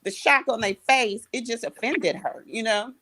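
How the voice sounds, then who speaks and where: A woman's voice: fairly high pitch, moderate pace, sharp tone, a little hiss or hum, rough recording. A woman in a casual podcast chat, telling a personal story with animation and acting out what relatives said.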